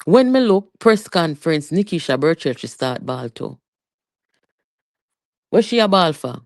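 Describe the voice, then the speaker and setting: A livestreamer with a Jamaican accent giving a heated, animated political rant, mixing Patois with English and talking straight to viewers. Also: medium pitch, a little slow, creaky, dry recording, studio quality. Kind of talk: live political commentary rant.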